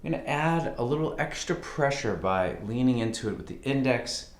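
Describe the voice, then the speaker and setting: A man teaching a fiddle lesson in a relaxed, conversational way. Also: medium pitch, normal speed. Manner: relaxed, conversational, counts beats aloud. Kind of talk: casual music lesson. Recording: roomy sound with fiddle playing.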